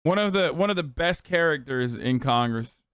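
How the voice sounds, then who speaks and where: A man hosts a political commentary stream, firing off sarcastic, profane rants. His voice is high for a man and smooth. The room sound is dry and close to the mic. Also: lively intonation, normal speed, fairly bright tone, no echo.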